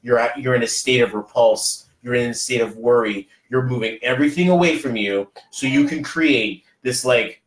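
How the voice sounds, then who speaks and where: A man hosting a podcast, chatting casually and motivationally, telling rambling, animated stories full of fillers. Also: mid-range voice, moderate pace, few pauses, reverberant, low-quality recording. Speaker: podcast host.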